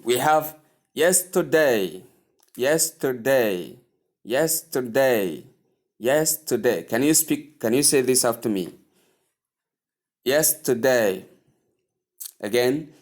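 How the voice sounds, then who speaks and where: A man teaching English pronunciation, repeating each word slowly and asking the listener to say it after him. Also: medium pitch. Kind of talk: slow, deliberate spoken lesson.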